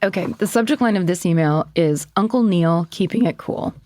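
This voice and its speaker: Woman podcast co-host, slightly low voice, chatty delivery, dry recording. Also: brisk, a little mellow, no room sound. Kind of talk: casual podcast chat, reading a listener email.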